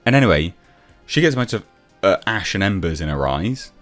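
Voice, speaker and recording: A man's voice: low-pitched, sing-song, fairly quick, fairly bright tone, faint music behind. A man reviewing a TV episode in a sarcastic, exasperated rant, swearing freely. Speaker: TV show reviewer. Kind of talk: ranting video review.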